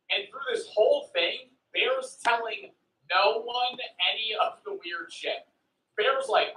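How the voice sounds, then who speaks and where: A man's voice: high voice, moderate pace, sharp tone, far from the mic. A man casually retelling a story on a stream, loose and profane, full of "like" fillers. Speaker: friend telling a story on stream. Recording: echoey room, away from the mic.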